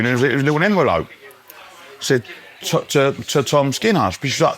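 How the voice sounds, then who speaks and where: A man's voice: medium pitch, expressive, a little fast. Cheeky market-trader man. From England. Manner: cheeky, loud banter with laughs. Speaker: guest. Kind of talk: casual chat. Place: pub dining room.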